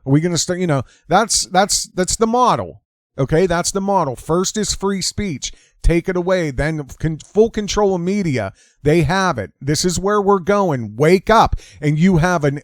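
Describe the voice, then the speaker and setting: A man's voice: high voice, expressive, unhurried, dry recording. A man hosting a ranting political commentary show, talking in a heated, indignant, emphatic way, recorded close on a dry mic. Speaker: host.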